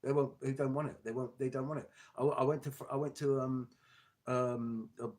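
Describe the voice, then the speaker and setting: A man, a glass maker, delivering an angry, sweary political rant to his viewers with halting restarts. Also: medium pitch, little pitch movement, a little mellow. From England.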